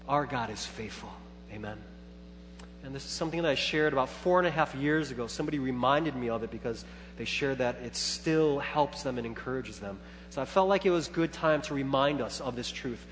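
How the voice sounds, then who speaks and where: A man in his thirties preaching a sermon as pastor, telling a story with lively swings from quiet reflection to loud, excited retelling of his own thoughts. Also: a little high. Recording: long church hall reverb with faint hum.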